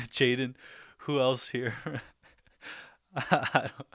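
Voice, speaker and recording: A man's voice: medium pitch, steady tone, drawn-out words, fairly bright tone, dry recording, clean studio sound. A man hosting a casual livestream, talking easily with viewers, laughing often and speaking loosely with fillers and restarts. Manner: laughs often, easygoing and upbeat. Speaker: livestream host.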